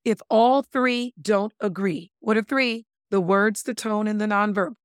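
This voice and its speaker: Speaking unhurriedly in a clean, mid-range voice, a woman who is a body language expert gives a casual interview full of emphatic energy and playful wordplay. She addresses listeners as "my lovelies". The recording is dry and studio quality.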